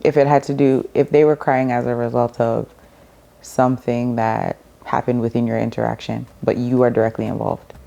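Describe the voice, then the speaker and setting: A woman with a gravelly, creaky voice and a dark, mellow tone asks pointed questions on a podcast. She keeps the conversation moving with steady affirmations as she probes. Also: very deep voice, moderate pace, lo-fi sound. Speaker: podcast guest.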